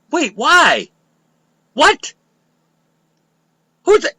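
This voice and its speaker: A male show host rants in a heated, sarcastic way, swearing freely. His voice sits high and swings widely up and down, with a gravelly edge. The sound is dry and close, with no room echo. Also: very animated, measured pace, sharp tone. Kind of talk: profane live political rant.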